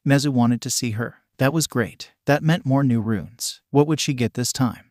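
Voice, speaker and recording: A man reads a fan story aloud at a steady, even pace. His voice sits in an average male register. The sound is close and dry, with no room echo. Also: medium pitch, normal speed. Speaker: fanfiction narrator. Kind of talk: story narration.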